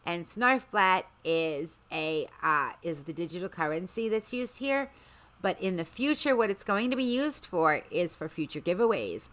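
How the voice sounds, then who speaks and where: A woman's voice: lowish voice, expressive, moderate pace, a bit bright. A woman hosting a livestream, chatting casually in a rambling way with sarcastic asides. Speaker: livestream host.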